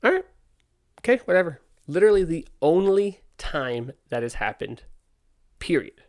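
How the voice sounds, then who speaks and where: A young man who hosts a podcast and owns a skate park tells a story in casual, candid talk. His voice is fairly high, sing-song and darkish, and he sounds exasperated, acting out the dialogue in quick quotes.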